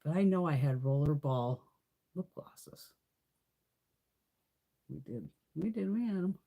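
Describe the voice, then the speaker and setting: A middle-aged woman hosting a beauty livestream, telling stories in a loose, animated way, swearing freely and laughing often. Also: sits low, takes it slowly, gravelly, muffled recording. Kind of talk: casual chat.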